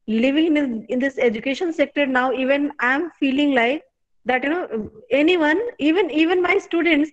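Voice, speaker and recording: A woman's voice: sits high, lo-fi sound. A woman in her forties from Bihar with an Indian English accent, giving an online class as a professor. She talks conversationally, fills with "you know", and checks in with students. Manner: conversational, many "you know" fillers, asks students questions.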